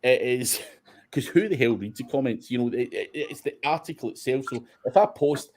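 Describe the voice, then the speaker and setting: A Scottish man with a dark, mellow tone answers viewer questions in a relaxed, sweary way. He talks bluntly, laughing now and then between his points. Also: mid-range voice, normal speed, slight background noise. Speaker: host of SEO Q&A. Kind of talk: casual livestream Q&A.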